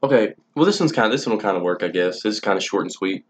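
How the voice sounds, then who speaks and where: A man's voice: on the low side, animated, rapid-fire. A young man telling stories casually to camera, rambling and swearing freely with many restarts. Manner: rambling, profane, frequent restarts. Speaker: vlogger.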